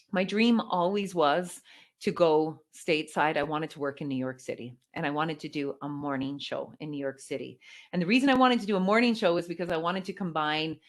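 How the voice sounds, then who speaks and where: Canadian woman in her middle years doing a keynote, lowish voice, polished anchor delivery, animated storytelling. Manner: lively storytelling, animated emphasis. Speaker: keynote speaker. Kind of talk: motivational keynote speech.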